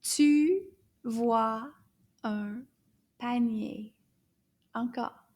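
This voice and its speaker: A woman teaching a French lesson for children, speaking slowly and encouragingly, repeating words for the listener to echo and sometimes dropping to a soft whisper. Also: fairly high pitch, lively intonation, vocal fry, husky. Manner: drops to soft whispers at times. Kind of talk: kids' language lesson.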